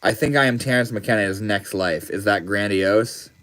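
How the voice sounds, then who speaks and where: Hosting a casual livestream, a man reads viewer comments aloud and answers them in a laid-back, slangy manner. His voice is lowish and a bit bright, at normal speed.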